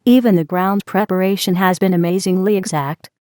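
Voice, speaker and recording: A woman reading the part of a talkative woman from a neighboring table, who explains things in a steady, lecturing way. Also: medium pitch, a little fast, no room sound, studio quality, lightly acted. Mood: explaining.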